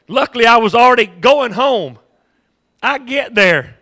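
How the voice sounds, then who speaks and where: A man's voice: extremely high pitch, lively intonation, a little slow, pushed and bright. A male pastor preaching a sermon with impassioned repetition and humorous storytelling.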